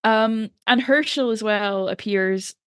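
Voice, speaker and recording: A woman co-hosting a podcast, chatting casually about a TV episode, enthusiastic and quick to laugh. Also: medium pitch, fairly bright tone, clean tone, dry recording, clean studio sound. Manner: enthusiastic, laughs often, acts out quotes. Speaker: podcast co-host. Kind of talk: casual TV recap chat.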